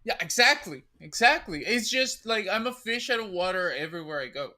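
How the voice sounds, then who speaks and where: A woman in her thirties in casual chat, hosting, talking in a halting, hesitant way full of fillers. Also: mid-range voice, animated, crowd noise. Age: 30s. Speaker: host.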